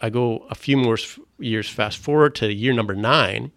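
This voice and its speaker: This clean studio recording, free of room sound, features a Canadian man in middle age with a mid-range, slightly bright voice. As a guest, he tells his faith testimony with earnest sincerity. He speaks haltingly and restarts his sentences often.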